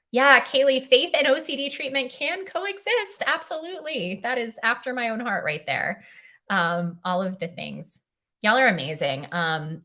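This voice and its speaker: A woman's voice: mid-range voice, fairly bright tone. A young woman filling in as a livestream host, tired and emotional, heartfelt, saying "um" often and reading viewer comments aloud. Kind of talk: casual livestream chat.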